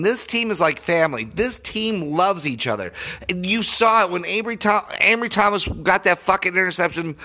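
A young man with a high, bright, sharp voice rants about his team like a fired-up fan. He is annoyed and sarcastic and swears constantly. His delivery is loose and unscripted, like a casual podcast. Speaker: sports podcaster. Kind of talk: profane fan rant.

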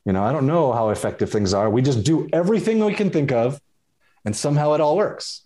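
A man speaking as a podcast guest about his business, candid and hesitant, pausing often to find his words. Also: a little high, lively intonation, mellow. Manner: candid, hesitant, many fillers and restarts. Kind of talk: casual interview chat.

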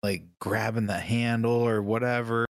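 A man's voice: mid-range voice, fairly even intonation, normal speed, gravelly, dry recording, studio quality. A man co-hosting a podcast, telling stories in a laid-back way, laughing often and answering with short agreements. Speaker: podcast co-host. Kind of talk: casual storytelling banter.

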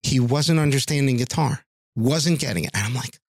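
A man's voice: mid-range voice, a little fast, creaky, no room sound, studio quality. A middle-aged man, a music teacher, telling stories in a podcast interview and acting out the voices of people he quotes.

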